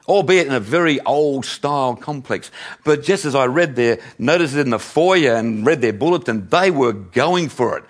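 A man's voice: medium pitch, animated, normal speed. Older male pastor, self-mocking sermon storyteller, mid-range voice. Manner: chatty, self-mocking, laughs with congregation.

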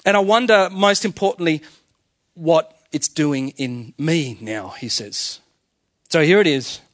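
A man's voice: fairly high pitch, a little slow, dry recording, studio quality. A male pastor preaching a sermon to his congregation, emphatic and full of rhetorical questions. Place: church.

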